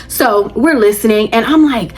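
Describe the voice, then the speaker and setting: Gushing woman with a high voice. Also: normal speed, slightly rough. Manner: gushing, chatty, addresses viewers as "child" and "baby". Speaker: audiobook vlogger. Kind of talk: casual chat.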